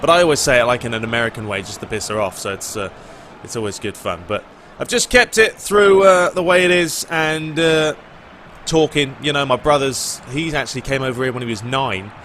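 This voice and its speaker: A young British man, a gaming YouTuber, answering viewer questions in a relaxed, rambling chat. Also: mid-range voice, a little fast, a little hiss or hum. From Britain. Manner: relaxed, rambling, lots of "you know" and "uh". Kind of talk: casual Q&A chat.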